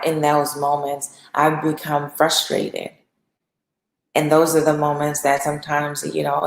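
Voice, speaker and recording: A woman talks through a lesson like an informal sermon, chatty and animated as she acts out little asides. Her voice sits on the low side. The room around her is noticeably echoey. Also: gravelly. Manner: conversational, animated storytelling with acted asides. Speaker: host and speaker. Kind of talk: informal sermon-style teaching.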